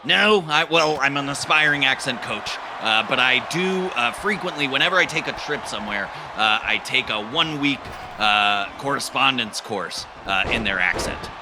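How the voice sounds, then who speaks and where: Brief: man calling comedy wrestling, rambling deadpan delivery, lively pitch, noisy recording. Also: normal speed, hardly any pauses. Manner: deadpan, rambling, full of fillers. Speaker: play-by-play commentator. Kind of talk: improvised comedy wrestling commentary. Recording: noisy background.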